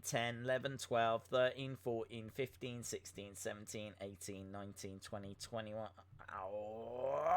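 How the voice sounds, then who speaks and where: Slow-talking man hosting a stream. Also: medium pitch, clear, resonant tone, dry recording. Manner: chatty and self-mocking, with many filler words. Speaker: wrestling podcast host. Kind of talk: casual live-stream chat.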